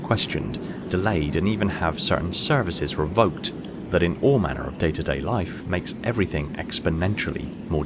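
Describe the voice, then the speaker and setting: A man narrating an audiobook short story in a steady, measured storytelling manner. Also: low voice, heavy background noise.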